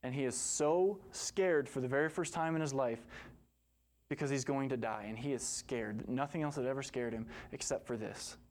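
A man's voice: medium pitch, normal speed, darkish tone. A man preaching a sermon, telling a story earnestly and rising to impassioned emphasis before leading a prayer. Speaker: pastor.

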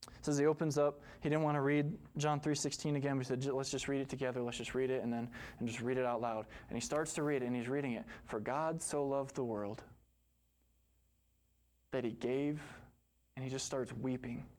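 A male pastor delivering a sermon in an earnest, storytelling manner, his voice sitting at an ordinary middle pitch. He builds toward impassioned emphasis as the message peaks. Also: fairly even intonation, fairly quick, a little mellow.

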